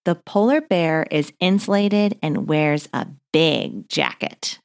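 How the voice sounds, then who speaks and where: A woman hosting a children's mindfulness story, gently guiding breathing and movement exercises. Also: sits low, slow pace, gravelly. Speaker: host of children's mindfulness podcast.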